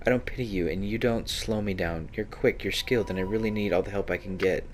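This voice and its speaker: A man's voice: lowish voice, fast talker, slight background noise, natural voice. A man reading an earnest amnesiac hero.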